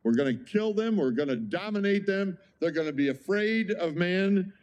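A man's voice: sits high, animated, moderate pace, darkish tone, highs cut off. A male pastor preaching a sermon in an emphatic, conversational way, often asking the congregation rhetorical questions.

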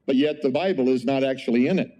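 A man preaching a conversational sermon as a pastor, telling an animated story with frequent exclamations. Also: medium pitch, fast talker.

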